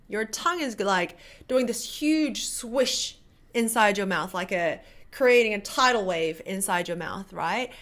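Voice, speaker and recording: A young woman teaching Korean pronunciation to camera, demonstrating sounds slowly and repeating syllables louder. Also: a little high.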